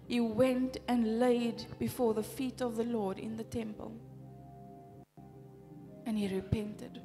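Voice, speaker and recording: Preaching fervently in a church hall, a woman pastor with a South African accent fires off rhetorical questions in a slightly high, somewhat mellow voice. The hall is reverberant, and faint music plays.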